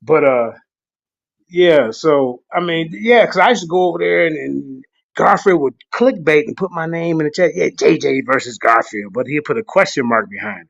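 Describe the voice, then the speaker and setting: High-voiced man, casual rambling livestream guest, dull lo-fi dry sound. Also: normal speed, gravelly, no echo. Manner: rambling, laughs often, jumps into high excited voices when quoting himself. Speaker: guest on a livestream talk show. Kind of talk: casual chat. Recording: dull lo-fi stream audio.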